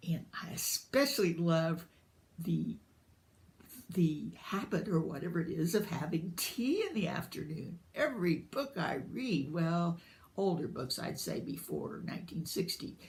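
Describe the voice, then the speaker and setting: Older American woman with a gravelly, Southern-tinged voice. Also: on the low side, darkish tone. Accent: light Southern US drawl. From United States. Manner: rambling, chatty, digressive. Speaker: booktuber. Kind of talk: casual vlog chat.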